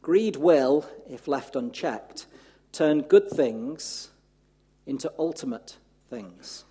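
A man's voice: fairly high pitch, expressive, takes it slowly, warm tone, breathy edge. A man from northwest England near Liverpool, with a Merseyside accent, preaching a sermon as a church minister in an easy, conversational way. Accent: northwest English, Merseyside.

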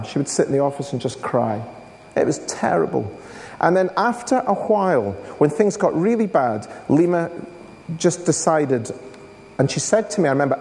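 A man's voice: fairly high pitch, creaky, darkish tone. Man, assembly speaker, storytelling style, reverberant hall. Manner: storytelling, addresses audience with questions. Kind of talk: school assembly talk.

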